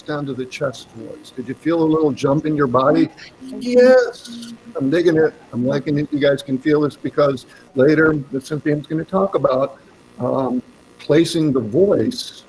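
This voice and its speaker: A man's voice: fairly high pitch, a little mellow, husky, poor audio. Man coaching a voice workshop. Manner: encouraging, coaching participants step by step. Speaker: voice workshop leader. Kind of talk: guided vocal exercise instruction.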